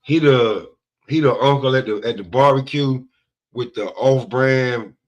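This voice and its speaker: On a sports talk podcast, a male co-host rants loosely and profanely, rambling and saying "bro" constantly in casual trash-talk chat. His voice sits at medium pitch and he takes his time. The recording quality is low.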